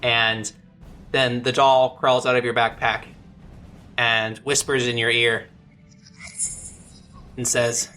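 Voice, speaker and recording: Man, dungeon master, bright clear tone, reads rules steadily, faint music underneath. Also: mid-range voice, slow. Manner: steady, explanatory narration. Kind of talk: running a tabletop game and reading rules aloud.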